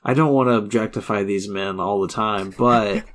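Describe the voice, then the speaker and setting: A man's voice: lowish voice, fairly even intonation, moderate pace, a bit bright. Chatty man gushing about movies. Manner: enthusiastic, chatty, full of "like" and restarts. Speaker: podcast co-host. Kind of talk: casual movie review chat.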